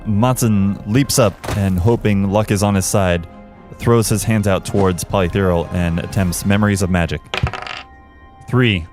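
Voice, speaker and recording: A man's voice: on the low side, fairly even intonation, moderate pace, music in the background. A man playing a tabletop game, briefly describing his character's action. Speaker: player.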